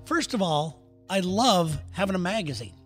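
A man's voice: high voice, animated, normal speed, soft background music. A man co-hosting a comedy podcast in a casual, rambling chat, laughing often. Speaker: podcast co-host.

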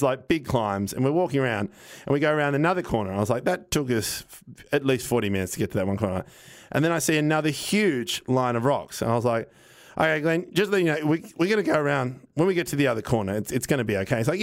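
A man, telling a casual, animated anecdote on a podcast, acting out what people said and swearing now and then. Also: medium pitch, quick pace. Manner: animated, rambling anecdote with acted-out quotes and swearing. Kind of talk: casual storytelling chat.

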